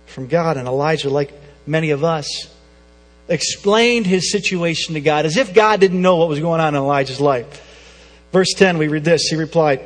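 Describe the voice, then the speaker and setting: A man's voice: a little high, normal speed. A man preaching a sermon as a pastor, earnest and full of repeated rhetorical questions. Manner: earnest, repeats rhetorical questions, speeds up when pressing a point. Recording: reverberant hall with soft music.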